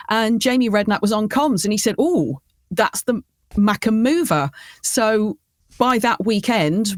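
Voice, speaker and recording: A woman co-hosting a podcast, telling anecdotes in a lively, chatty way and acting out what people said. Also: mid-range voice, no echo, clean studio sound. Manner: storytelling, animated retelling with voices. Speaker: podcast co-host. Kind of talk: casual chat.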